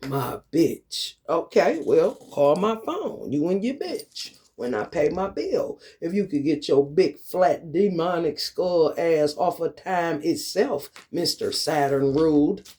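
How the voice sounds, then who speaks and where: A man's voice: fairly high pitch, lively intonation, takes it slowly, few pauses, a little mellow. A man vlogging a profane, confrontational rant, swaggering and taunting his targets.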